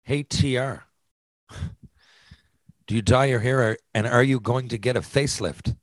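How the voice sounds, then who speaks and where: A man's voice: mid-range voice, a little slow, no echo. A man, chatting casually and answering listener questions, rambling with lots of restarts and blunt swearing. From Newfoundland, Canada. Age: 40s. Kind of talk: casual chat.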